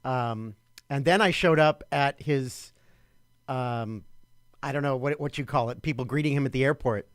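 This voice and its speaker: A man's voice: mid-range voice, normal speed, no room sound, clean studio sound. A man speaking as an interview guest in casual chat, hesitant and full of fillers.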